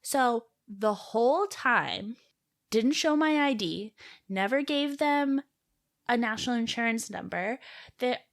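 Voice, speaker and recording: Speaking slowly in a somewhat high voice, this young Canadian podcast co-host in her 20s relates a story conversationally. She brings it to life with lively delivery, performing each person's lines.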